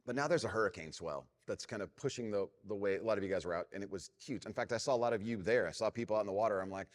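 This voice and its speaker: A middle-aged man preaching a sermon as pastor, telling a self-mocking story and dropping to a hushed, prayerful tone. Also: fairly low pitch, very fast, few pauses. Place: large church hall. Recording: long reverb of a church hall.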